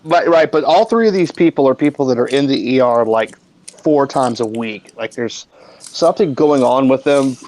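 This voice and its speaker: Man, casual storyteller, animated, swears freely, middle pitch. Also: normal speed, poor audio. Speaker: live stream co-host.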